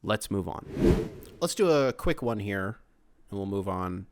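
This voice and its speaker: A man's voice: on the low side, animated, measured pace, a little mellow, a little hiss or hum. A young American man hosting a sports podcast, talking casually in rambling, profane rants full of tangents. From United States. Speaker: podcast host.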